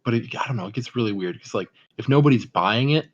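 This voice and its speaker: A young man co-hosting a podcast, chatting casually in a rambling, deadpan way full of "like". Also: mid-range voice, fast talker, lo-fi sound. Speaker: podcast co-host. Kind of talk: casual chat.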